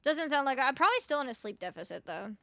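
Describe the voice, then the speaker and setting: A woman's voice: high-pitched, very animated, quick pace, a bit bright, no echo. A young woman streaming a video game, chatting casually with her viewers, swearing freely and sounding sleepy. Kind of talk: casual gameplay chat.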